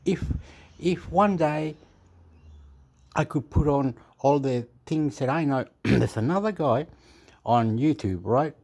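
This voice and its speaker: A man's voice: a little high, slow pace, long pauses, darkish tone. A man who grew up in Chile, talking to camera in a rambling, casual monologue, meandering and self-deprecating, often laughing at himself. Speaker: YouTuber.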